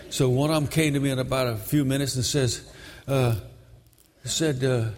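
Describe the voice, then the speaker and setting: A man from Brooklyn preaching a sermon, moving between shouted exhortation and a folksy story told with many fillers. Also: mid-range voice, fairly even intonation, moderate pace, in a large hall, slight background noise.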